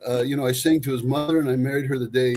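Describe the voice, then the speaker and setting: A man's voice: mid-range voice, fairly even intonation, rapid-fire, darkish tone, lightly acted. A man doing his stubborn older Greek dad. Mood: proud. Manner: brash and dismissive.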